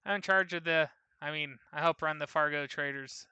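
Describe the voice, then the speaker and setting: A man's voice: on the high side, moderate pace, pushed and bright, smooth, dry recording. A man reading aloud the lines of a boastful, folksy caravan trader. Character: gruff male caravan trader. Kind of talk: reading game dialogue aloud.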